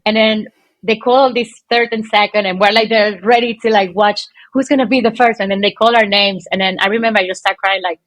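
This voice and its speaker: A woman from Venezuela, a guest telling stories in an animated, chatty way, full of "like" and "okay". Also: mid-range voice, brisk, dry recording. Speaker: guest, pole dance champion. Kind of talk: casual interview storytelling.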